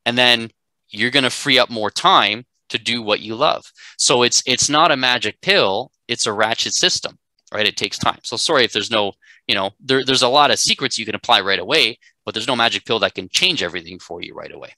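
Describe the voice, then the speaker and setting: Guy teaching a class, super sharp bright voice, dry sound, keeps saying right?. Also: mid-range voice, a little fast, dry recording, poor audio. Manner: emphatic, keeps asking "right?". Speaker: instructor. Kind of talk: live online class teaching.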